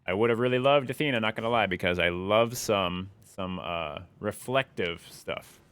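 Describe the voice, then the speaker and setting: Playing a game, this young streamer keeps up a playful running commentary, humming to himself and mocking opponents. He speaks at a moderate pace in a smooth, fairly bright voice on the low side. Faint music sits in the background.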